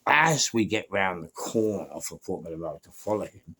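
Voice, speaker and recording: An older man with a London accent telling crime stories in a casual, animated monologue, swearing freely and acting out the voices of people in his story. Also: deep voice, a little fast, slightly rough.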